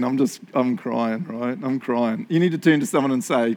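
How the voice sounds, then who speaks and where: A man preaching a sermon in a jokey, animated way, laughing often and checking in with his listeners. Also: medium pitch, fairly quick, few pauses.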